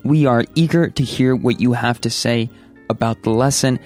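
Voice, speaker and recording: A man's voice: medium pitch, normal speed, darkish tone. A man with a mid-range voice co-hosting a podcast lesson, answering with dry, wry remarks. Faint music runs beneath him. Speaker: language podcast co-host. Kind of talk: scripted language lesson banter.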